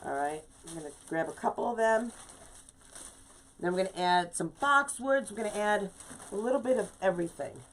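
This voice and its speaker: A woman's voice: mid-range voice, animated, normal speed, a little hiss or hum. A middle-aged woman hosting a live craft video, chatting casually while she works and greeting viewers by name. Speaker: craft livestream host.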